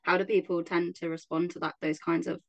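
A woman's voice: lowish voice, little pitch movement, a little fast, dry recording. A woman hosting a casual chat, asking curious follow-up questions and affirming her guest. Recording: slightly dull, muffled sound.

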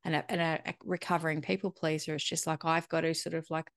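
A woman's voice: deep voice, flat delivery, quick pace, dry recording, studio quality. A middle-aged woman, chatting candidly and reflectively, swearing casually and acting out bits of dialogue. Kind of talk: casual conversational chat.

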